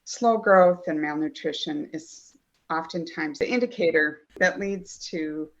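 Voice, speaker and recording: A low-pitched middle-aged woman with a gravelly edge to her voice, telling her story as a guest in earnest detail. The recording sounds dull and lo-fi. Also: a little slow. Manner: earnest, detailed storyteller who acts out quoted dialogue. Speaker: guest, mother of a child with a chronic illness. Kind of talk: personal storytelling in a podcast interview.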